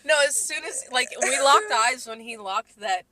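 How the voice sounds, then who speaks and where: A woman's voice: high-pitched, expressive, moderate pace, sharp tone. A young woman co-hosting a podcast from a parked car, telling a story in a casual, giggly way and acting out what others said. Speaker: podcast co-host. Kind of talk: casual chat. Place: inside a parked car at night.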